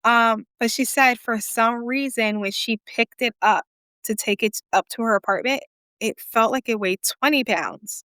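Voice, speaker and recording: Animated woman telling a creepy story. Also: fairly high pitch, moderate pace, clear, resonant tone, dry recording, clean studio sound. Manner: animated, acts out quoted voices, sassy asides. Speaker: podcast co-host. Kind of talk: casual storytelling chat.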